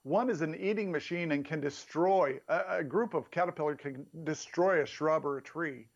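A man delivers a sermon with emphatic, animated energy, his pitch rising sharply when he stresses a point. His voice sits slightly high for a man. The recording is somewhat dull and lo-fi. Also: moderate pace, creaky. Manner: emphatic, animated preaching with sudden rises in pitch. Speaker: preacher.

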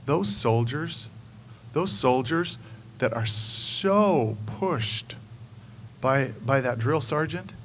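A man preaching a sermon in an emphatic way, swinging between hushed and raised delivery. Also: mid-range voice, slight background noise, rough recording.

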